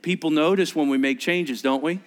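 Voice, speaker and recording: A middle-aged man preaching a sermon as pastor, telling stories with voiced quotes and dropping to a hushed near-whisper for emphasis. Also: on the high side, moderate pace. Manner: animated storytelling with voiced quotes and asides.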